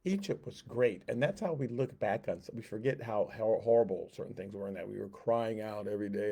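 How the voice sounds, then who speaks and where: A man's voice: on the low side, fairly quick, few pauses, mellow, breathy edge. A man teaching a Sunday school Bible lesson, casually retelling scripture and acting out the quotes, with frequent restarts.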